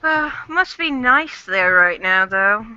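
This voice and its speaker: A woman's voice: mid-range voice, animated, slow, bright, forceful tone, clean tone, no echo. A woman hosting a casual online fan chat, rambling and chatty with casual swearing, on a dull lo-fi recording.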